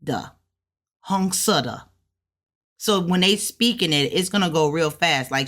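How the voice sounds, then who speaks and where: A woman's voice: deep voice, lively intonation, measured pace, a bit bright. A woman teaching herself Mandarin in a casual lesson. She sounds out syllables and repeats each one several times, thinking aloud when she is unsure. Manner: thinks aloud, unsure of her own pronunciation. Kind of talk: casual self-study lesson.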